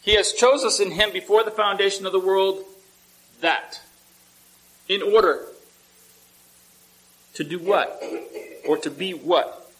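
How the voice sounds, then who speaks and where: A man's voice: high-pitched, unhurried, pauses often, fairly bright tone, poor audio. A male pastor preaching a sermon in a conversational way, often asking the congregation questions and repeating words as he restarts.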